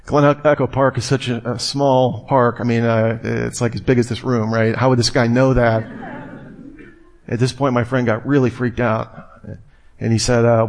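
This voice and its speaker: A man's voice: mid-range voice, little pitch movement, moderate pace, darkish tone. A man giving a conversational sermon to a live audience in a room, telling stories and asking rhetorical questions. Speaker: speaker.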